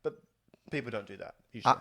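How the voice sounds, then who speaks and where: A man's voice: medium pitch, fast, fairly bright tone. A man co-hosting a podcast in casual chat, hesitant and chuckling as he opens up. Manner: hesitant, chuckling, open about emotions.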